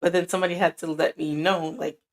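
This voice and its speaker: A middle-aged woman podcaster with a deep, soothing, grounded voice gives a casual motivational talk, speaking quickly in a flat delivery and acting out both sides of conversations. She is in an indoor room at night.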